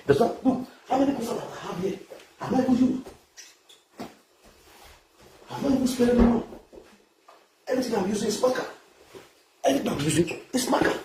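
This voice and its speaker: A man's voice: high-pitched, darkish tone, a little hiss or hum. A man with a Nigerian accent ranting to camera in a boastful, crude, mocking way, repeating his phrases. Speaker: vlogger.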